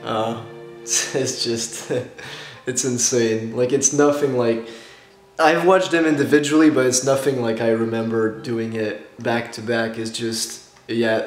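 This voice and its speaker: A man talking to his viewers in a casual reaction vlog, gushing and excitable, with nervous laughs and restarts, tired after staying up all night. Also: medium pitch. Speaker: YouTuber reacting to a film marathon. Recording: roomy echo with soft music behind.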